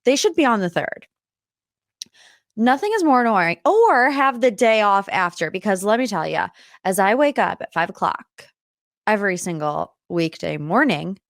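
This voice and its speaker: A woman's voice: mid-range voice, no room sound, studio quality. Chatty woman hosting a podcast. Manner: chatty, rambling tangents. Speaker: podcast host. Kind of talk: casual pop culture chat.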